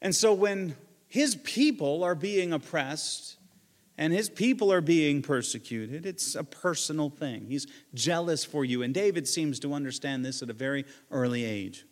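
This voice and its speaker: A man preaching a sermon, shifting between loud emphatic lines and quiet asides. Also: fairly high pitch, expressive, moderate pace, in a large hall. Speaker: pastor.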